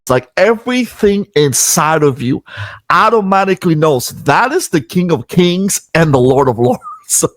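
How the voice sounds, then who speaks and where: Unhurried man, dry close sound. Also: on the high side, sing-song, fairly bright tone, no echo. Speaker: near-death experience witness. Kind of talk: earnest testimony.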